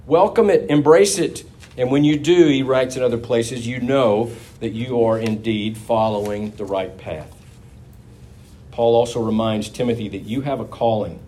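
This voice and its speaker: A man's voice: mid-range voice, a little mellow, slight background noise. A man preaching a sermon to his congregation in a conversational, folksy manner, with asides to the listeners.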